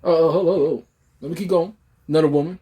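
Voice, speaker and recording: A man co-hosting a casual commentary chat, reading comments aloud slowly and with emphasis. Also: on the high side, fairly even intonation, warm tone, breathy edge. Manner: reads quotes slowly and emphatically. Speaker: podcast co-host.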